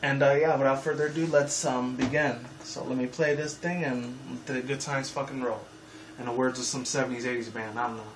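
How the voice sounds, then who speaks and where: A man's voice: mid-range voice, steady tone, fairly quick. Rambling profane young man in echoey room. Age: 20s. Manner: profane, rambling, many fillers. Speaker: movie reviewer. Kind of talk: casual rambling video review. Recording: echoey room, mic far off, faint noise.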